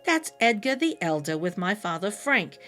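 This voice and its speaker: A woman voicing a kind, lonely old woman in a read-aloud storybook, speaking gently and softly. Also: mid-range voice, sing-song, normal speed, soft background music, voice pushed down. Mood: fond. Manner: gentle, soft-spoken, comforting.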